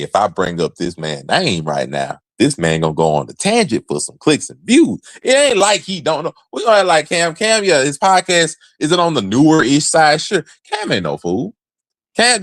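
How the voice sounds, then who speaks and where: A young man co-hosting a casual sports podcast, talking in slangy, animated bursts and acting out imagined conversations. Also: a little high, dry recording. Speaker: podcast co-host.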